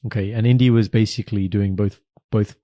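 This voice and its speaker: A man co-hosting a podcast in rapid, animated casual chat. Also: on the low side, dry recording, highs cut off. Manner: rapid, animated, mixing in Punjabi. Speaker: podcast co-host.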